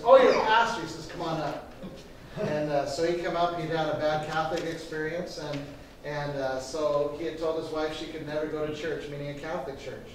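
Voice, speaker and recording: A man preaching to a church class as pastor, telling a story with lively quoted voices. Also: on the high side, slight background noise. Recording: echoey room from far off.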